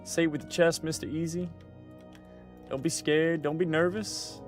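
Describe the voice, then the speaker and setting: A man's voice: fairly high pitch, flat delivery, normal speed, over music. A young adult man livestreaming a game, chatting casually and answering his chat, often repeating his own lines. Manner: chatty, talks back to chat, repeats himself.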